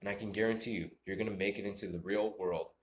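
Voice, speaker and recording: A man's voice: lowish voice, fairly even intonation, fast. A young American man ranting in a rambling, preachy monologue, stumbling and restarting often. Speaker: vlogger. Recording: echoey room.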